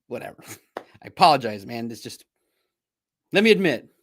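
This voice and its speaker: A man's voice: mid-range voice, big pitch swings, moderate pace, fairly bright tone. A man hosting a casual sports livestream, rambling and self-deprecating, often laughing at himself. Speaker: sports podcast host and reporter.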